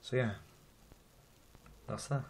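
Here the young Welsh app maker, still in his late teens, talks slowly in a darkish tone. He's showing off his homemade app in a loose, rambling way, often putting himself down.

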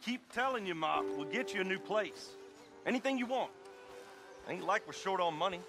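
A man's voice: high voice, expressive, normal speed. An actor voicing a grown rural son who talks to his mother in a patient, pleading way. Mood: weary. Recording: game audio with music behind.

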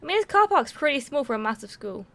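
Fast and sing-song, this young woman's high-pitched, somewhat bright voice carries her let's play commentary. She's a gaming YouTuber who reacts to the game and reads its text aloud while chatting.

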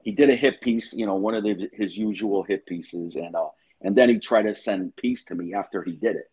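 A man's voice: fairly low pitch, a little fast, a little mellow, breathy edge, lo-fi sound. A man hosting a casual live-stream chat over a video call, rambling with many restarts. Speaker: show host.

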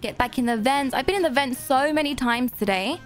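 A woman narrating her own gameplay in an animated way, gasping and squealing at surprises. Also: sits high, brisk. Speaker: gaming video creator. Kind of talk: playing an obby game and narrating. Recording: faint background game music.

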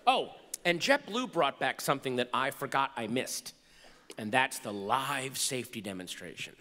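A man performing a stand-up comedy routine on stage, animated, swinging between muttered asides and shouted rants. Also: mid-range voice, normal speed, a little hiss or hum. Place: large theater stage before a live audience. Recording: live hall recording with reverb.

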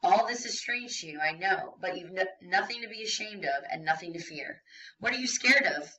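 A woman reading the part of a gruff older male judge who tries to sound soothing. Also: fairly low pitch, expressive, moderate pace, bright, forceful tone, dull audio. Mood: gruff coaxing.

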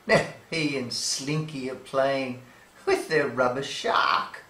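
A woman's voice: low voice, takes it slowly, a bit bright, recorded from a distance, slight background noise. A woman reading a children's picture book aloud, playfully imitating animal sounds. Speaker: storybook reader. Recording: echoey room.

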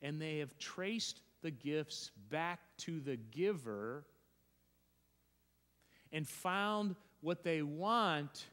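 A man's voice: a little high, lively intonation, extremely slow, a bit bright. A male pastor preaching a sermon, emphatic and repeating phrases, often restarting his sentences. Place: church sanctuary. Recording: long church reverb.

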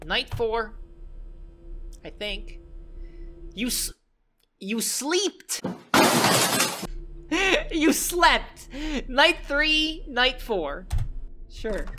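Young man, horror game commentary, bright and lively, joking, loud reactions. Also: high voice, extremely slow, pauses often, slight background noise. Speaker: gaming commentator.

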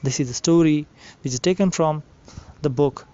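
A man reading a storybook aloud for a school class, narrating slowly and carefully. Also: on the high side, warm tone, dull audio. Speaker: story reader.

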